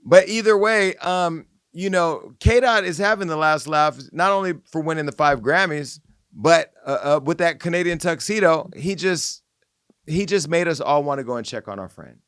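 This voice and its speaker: A man hosting a podcast, giving casual, opinionated pop-culture commentary in an animated, gossipy way. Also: on the high side, normal speed, clear, resonant tone, no echo, studio quality. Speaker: podcast host.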